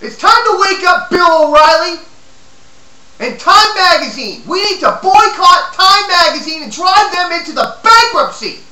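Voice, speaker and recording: A woman giving an impassioned political rant, indignant and repetitive, her voice shaking with anger as it builds to shouting. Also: very high-pitched, lively intonation, a little slow, reverberant, low-quality recording. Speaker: political commentator.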